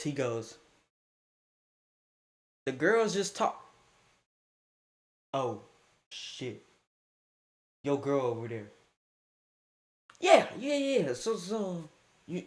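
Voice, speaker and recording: A young man casually telling a story, animated, slangy and breaking into laughing asides. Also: a little high, takes it slowly, pauses often.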